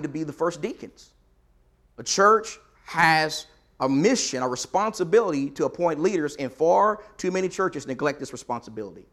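Addressing the pews in a relaxed, conversational way, a preacher gives a sermon in a church auditorium. His voice is a little high and a bit bright, and he reads passages of scripture with emphasis.

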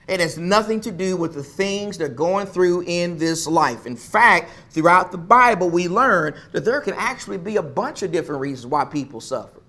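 A man's voice: high-pitched, sharp tone. A man preaching a sermon as pastor, emphatic, repeating phrases for stress.

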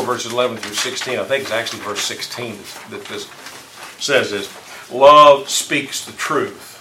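A man's voice: medium pitch, pushed and bright. Folksy man teaching a Bible class. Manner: conversational, folksy, with rhetorical questions. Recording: roomy distant room mic, faint noise.

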